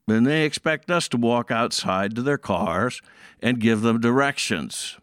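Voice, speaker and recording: An earnest, plain-spoken male garage mechanic, voiced by a storyteller tells his tale in a folksy way. The delivery is slow and the sound is close and dry. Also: medium pitch, lively intonation, a bit bright, dry recording.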